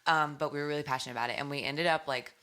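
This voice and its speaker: A young woman, a musician guest on a podcast interview, telling animated stories and acting out quotes. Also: deep voice, racing. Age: young adult. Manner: animated storytelling, acts out quotes.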